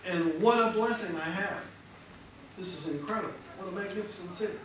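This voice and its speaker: A man's voice: sits high, brisk. Man giving a seminar in an echoey hall. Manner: lively, asks the audience questions. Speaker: seminar speaker. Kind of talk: motivational seminar talk. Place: large hall with audience. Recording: echoey hall, distant mic, noisy.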